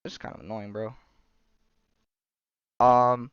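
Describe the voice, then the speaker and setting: A man's voice: medium pitch, moderate pace, pauses often, clear, resonant tone, no room sound. A male podcast host casually recapping a comic story, rambling with lots of fillers, on a slightly muffled recording. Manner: rambling, filler-heavy, says "you know" and "right".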